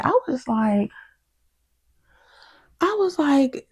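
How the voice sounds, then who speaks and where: Gravelly, chatty woman vlogger. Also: medium pitch, normal speed, pauses often. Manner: chatty and animated, quotes others with mimicry; slangy, outspoken, laughs often. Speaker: reality show reviewer. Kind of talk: casual vlog review.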